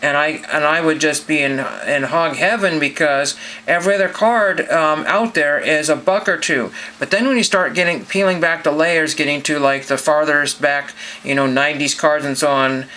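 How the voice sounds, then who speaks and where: A man's voice: on the high side, moderate pace, pushed and bright. A man hosting a card collecting channel, rambling casually with many fillers as he browses listings. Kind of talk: casual screen-share vlog.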